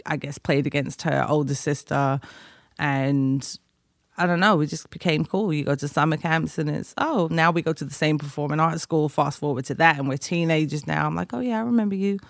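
Man, animated storyteller, gravelly, dry studio sound. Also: a little high, normal speed, no echo. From United Kingdom. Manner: storytelling, animated, laughs often. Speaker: guest musician. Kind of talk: casual podcast conversation.

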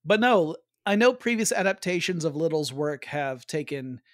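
A man with a fairly high voice, co-hosting a casual chat and chuckling as he goes. He sounds relaxed and loose and trails off at times. The sound is dry and close, with no room around it. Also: moderate pace, no echo. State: hiccups. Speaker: podcast co-host.

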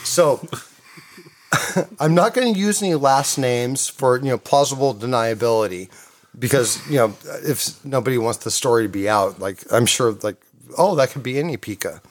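A man's voice: mid-range voice, moderate pace. A man in his fifties from California, telling a long casual anecdote, swearing heavily, rambling, and laughing often. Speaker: storyteller guest.

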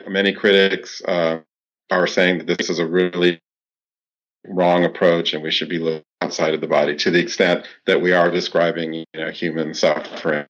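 A man answering interview questions as a clinical psychologist, explaining at length with many fillers and restarts. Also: deep voice. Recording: dull lo-fi sound.

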